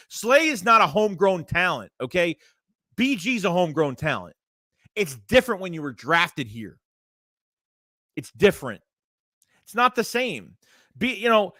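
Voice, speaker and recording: A man's voice: high-pitched, sharp tone, no room sound, clean studio sound. A man hosting a casual sports livestream, ranting bluntly with profanity and repeating himself while reading chat messages. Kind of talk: casual fan rant reading live chat.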